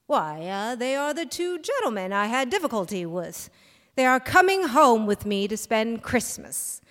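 A woman's voice: on the high side, very animated, normal speed, a bit bright. A woman voicing a battered young man who speaks solemnly and with formal, defiant politeness. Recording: long hall reverb, live stage.

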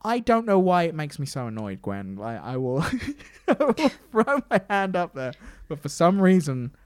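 Sweary ranting man, lively pitch. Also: normal speed, clear, resonant tone, dry recording, clean studio sound. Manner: ranting, sweary, mimics people in quotes. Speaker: podcast co-host. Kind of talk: casual chat.

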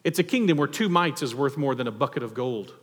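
A man preaching a sermon in a church, conversational and animated, acting out the characters he quotes. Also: mid-range voice, quick pace, breathy edge. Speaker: pastor. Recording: long hall reverb.

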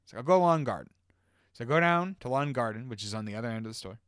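Male podcast co-host, mid-pitched, swears a lot, rambling storyteller, dead-dry room. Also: rapid-fire, no room sound. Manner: profane, rambling, animated retelling. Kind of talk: casual storytelling chat.

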